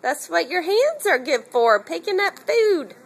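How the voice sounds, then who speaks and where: A woman's voice: very high-pitched, very animated, unhurried. A woman cooing and encouraging a baby in a home video. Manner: cooing, encouraging, sing-song. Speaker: parent filming a baby.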